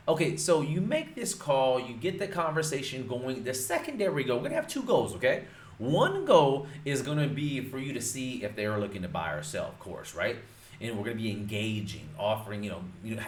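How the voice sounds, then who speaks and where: A man teaching real estate wholesaling in casual talk, emphatic and repetitive, calling his viewers folks. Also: mid-range voice. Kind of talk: casual instructional talk to camera. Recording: roomy echo.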